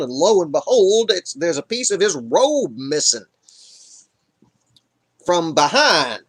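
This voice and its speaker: A man hosting a live stream, retelling a Bible story in an irreverent, joking way. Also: on the high side. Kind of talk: casual comic Bible retelling.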